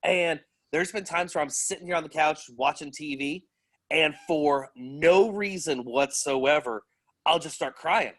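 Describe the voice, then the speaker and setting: Candid self-mocking man, fairly high. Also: a little slow, fairly bright tone. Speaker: podcast guest. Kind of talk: casual chat.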